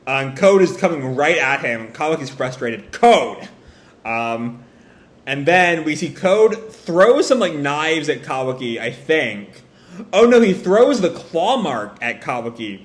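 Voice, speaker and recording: A man's voice: on the high side, sing-song, measured pace. A man reading a manga chapter aloud and reacting casually, hedging with fillers. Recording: roomy echo.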